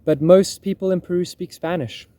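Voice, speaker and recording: Mellow-voiced man musing on history. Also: sits high, moderate pace, no echo. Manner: musing, self-interrupting. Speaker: history reenactor. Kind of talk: casual explanatory talk.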